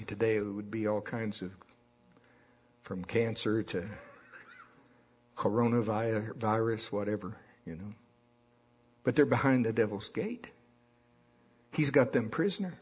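A man's voice: mid-range voice, creaky, husky. A man preaching a sermon in a folksy storytelling way, having the congregation repeat lines after him. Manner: folksy storytelling with call-and-response.

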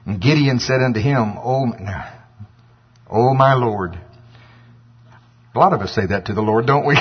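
A man preaching a sermon, animated and acting out scripture voices, with a husky voice. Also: fairly low pitch, moderate pace. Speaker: pastor. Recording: dull lo-fi with long hall reverb.

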